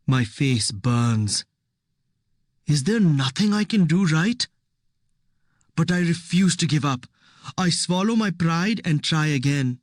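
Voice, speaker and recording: A woman narrating a first-person children's novel in a measured, unhurried storytelling manner. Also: sits low, lively intonation, dry recording, studio quality. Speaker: audiobook narrator.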